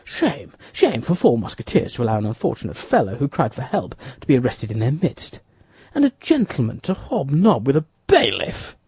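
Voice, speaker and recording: A man's voice: mid-range voice, huge pitch swings, moderate pace, a little mellow, slightly rough, no echo, full character voice. A man reading an audiobook, voicing a blustering, dim-witted musketeer who grumbles.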